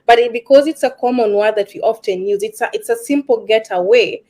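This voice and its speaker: Woman stress coach with an East African accent, fairly high voice, earnest, repeats words for emphasis. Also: brisk, warm tone. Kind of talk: casual discussion.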